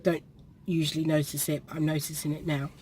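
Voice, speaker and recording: A woman, telling a personal story to the camera in a halting way, with pauses and restarts, while perspiring. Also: sits low, little pitch movement, darkish tone, slight background noise. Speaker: vlogger. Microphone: camera facing her.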